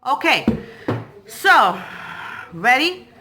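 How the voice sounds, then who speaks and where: A woman's voice: high-pitched, sing-song, drawn-out words, background noise. A woman hosting a family vlog giveaway, playful and bubbly, laughing often and a bit out of breath.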